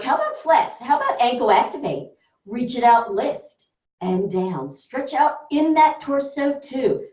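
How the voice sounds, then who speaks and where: Slow-cueing woman workout instructor. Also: on the high side, darkish tone. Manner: upbeat counting cues and encouragement. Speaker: fitness instructor. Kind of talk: leading a floor workout. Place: carpeted room indoors. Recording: echoey room, distant dull mic.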